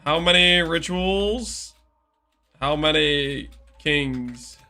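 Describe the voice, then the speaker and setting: A man's voice: on the high side, very slow, bright, forceful tone, faint music behind. A man streaming a game live, chatting casually and reading out and answering viewer messages. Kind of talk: casual live-stream commentary while gaming.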